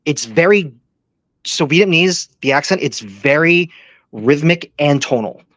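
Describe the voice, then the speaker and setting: A man's voice: on the high side, expressive, measured pace, fairly bright tone, no echo. A man chatting as a guest, hesitant and stammering, often repeating his words. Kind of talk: casual podcast chat.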